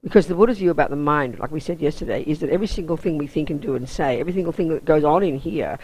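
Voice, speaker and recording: A woman's voice: low-pitched, racing, darkish tone, husky, low-quality recording. An Australian woman, a Buddhist nun, teaching a weekend course in an intense, emphatic, down-to-earth way.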